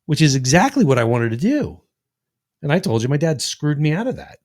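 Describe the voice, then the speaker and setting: With a sing-song, brisk delivery and a darkish voice on the high side, a sixty-something podcast host rambles through long, profane tales in casual talk, acting out what the people in them said.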